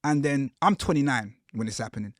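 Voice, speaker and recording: A man, a podcast guest telling his story in a casual, animated way. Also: mid-range voice, fairly quick, no room sound, studio quality. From United Kingdom. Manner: animated storyteller, acts out quotes with slang.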